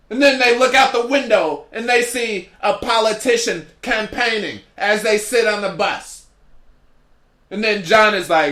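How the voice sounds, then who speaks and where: A man's voice: high-pitched, measured pace, sharp tone. A man hosting a solo podcast, ranting sarcastically and mocking what he criticizes, recorded in an echoey room. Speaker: podcast host.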